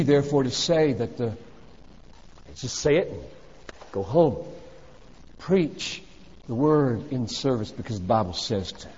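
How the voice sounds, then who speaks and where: A man preaching a sermon. He swings between loud urgent exhortation and hushed, low phrases. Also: husky. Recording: dull reverberant hall recording.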